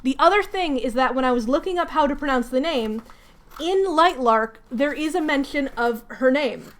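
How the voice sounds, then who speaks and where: A woman's voice: high voice, animated, normal speed. A woman chatting casually while doing crafts at home, rambling and laughing often. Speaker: craft vlogger hosting a hangout.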